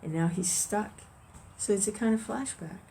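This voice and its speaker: A woman's voice: mid-range voice, moderate pace, dark tone, slight background noise, rough recording. A woman leading an informal spiritual discussion and telling a story in a conversational way, with restarts and chuckles. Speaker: devotional discussion leader.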